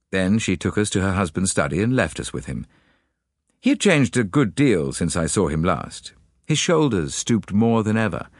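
Guy reading an audiobook, low voice, pretty expressive, dry sound. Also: no room sound. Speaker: audiobook narrator. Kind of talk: scripted narration.

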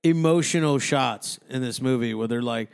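A man with a mid-range voice cracks crude, deadpan jokes while watching a movie with a friend. His talk is loose and teasing. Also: mid-range voice, moderate pace, creaky, clean tone. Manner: joking, teasing, deadpan one-liners. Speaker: co-commentator. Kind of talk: casual profane movie riffing.

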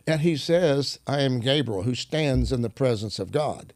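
A man who is a minister, telling stories in an animated, preaching style, often clearing his throat. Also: mid-range voice, normal speed, dry recording, clean studio sound. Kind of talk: storytelling preaching conversation.

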